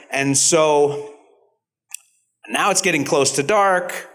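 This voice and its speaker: A man in his fifties, an actor on a convention panel, telling stories in an animated, self-deprecating way. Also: on the high side, slow, long pauses. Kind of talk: storytelling panel talk.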